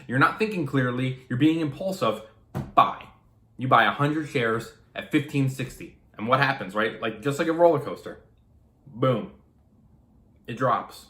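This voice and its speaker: Animated man explaining stocks, echoey room. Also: medium pitch. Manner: animated, acts out the trader's inner voice, swears casually. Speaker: day trader explaining stocks. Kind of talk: casual explainer talk to camera.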